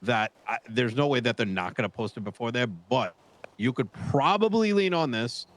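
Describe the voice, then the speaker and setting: A man's voice: medium pitch, lively intonation, moderate pace, no echo. A man in casual roleplay chat, hesitant, cursing and trailing off mid-sentence.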